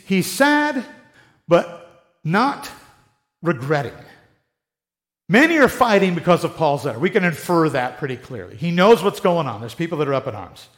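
A middle-aged man leading a conversational Bible study, animated and acting out quoted voices with the odd chuckle at his own asides. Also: high-pitched.

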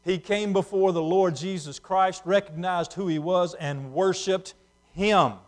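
A man preaching a sermon, moving between hushed, slow passages and loud, emphatic ones. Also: sits high, fairly even intonation.

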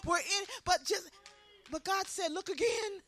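A woman preaching a sermon with passion, swinging from loud, shouted lines to hushed ones. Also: very high voice, measured pace.

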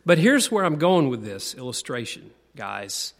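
A man giving a conversational sermon, asking the audience questions and slowing down to lean on key words. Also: medium pitch, big pitch swings. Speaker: preacher. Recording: long reverb of a large hall.

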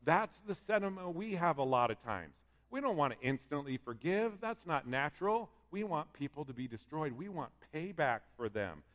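A man's voice: on the high side, sing-song, moderate pace, few pauses. A man preaching a sermon in an earnest, conversational way, reading scripture aloud to his congregation. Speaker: pastor. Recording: long hall reverb.

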